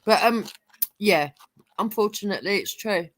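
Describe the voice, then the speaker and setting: A woman's voice: medium pitch, normal speed. A woman who laughs easily and speaks her mind frankly, chatting as a guest on an online panel. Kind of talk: casual online panel chat.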